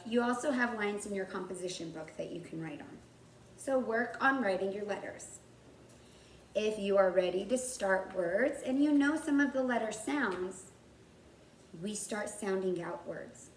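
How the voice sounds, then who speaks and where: Here a woman kindergarten teacher, medium in pitch, leads young children through a writing lesson and patiently sounds out words. Captured far from the microphone in a roomy space, the audio carries slight background noise and a faint ambient hum of the room.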